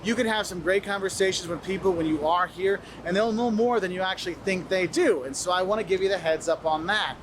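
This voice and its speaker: High-voiced man giving friendly advice. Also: a little fast, hardly any pauses, background noise. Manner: friendly, instructive, acts out locals' lines. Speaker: travel video host. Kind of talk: advice video, spoken to camera.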